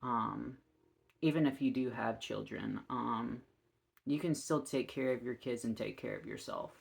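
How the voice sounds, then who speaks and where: A tarot reader talking to camera at an unhurried pace, voice often settling into a gravelly creak. The delivery is gentle and full of soft ums, gushing with encouragement and quick to laugh. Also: medium pitch. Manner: slow and gentle with frequent ums, warmly encouraging. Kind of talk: casual tarot reading to camera.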